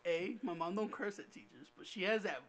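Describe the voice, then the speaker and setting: A young man co-hosting a podcast in a laid-back way, calmly correcting a friend's story during casual chat. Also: high-pitched, fairly quick, slight background noise. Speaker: podcast co-host.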